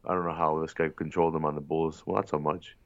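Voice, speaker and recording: A man's voice: extremely low pitch, flat delivery, fast talker, no echo, highs cut off. A man co-hosting a podcast, joking around in loose, profane sports banter. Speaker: podcast co-host. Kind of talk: casual sports chat.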